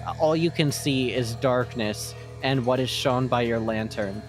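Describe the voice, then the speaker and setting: A man narrating calmly as dungeon master, describing scenes with easy fillers. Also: mid-range voice, measured pace, music in the background. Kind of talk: narrating a tabletop game.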